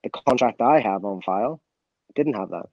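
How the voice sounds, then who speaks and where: A former footballer being interviewed, telling a story candidly, with many restarts and quoted dialogue. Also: male voice, fairly low pitch, animated, moderate pace, no room sound, dull audio.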